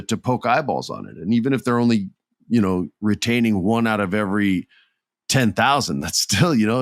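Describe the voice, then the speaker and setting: A middle-aged man hosting a casual wrestling podcast, telling stories in an animated way and acting out the people in them. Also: on the low side, no room sound, clean studio sound. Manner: animated storytelling with character voices. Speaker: podcast host.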